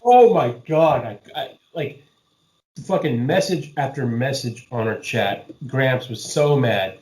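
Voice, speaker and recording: A man's voice: medium pitch, lively intonation, slow, darkish tone, roomy sound, low-quality recording. A man hosting a casual podcast chat, talking loosely and swearing often while he laughs with friends. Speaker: podcast host.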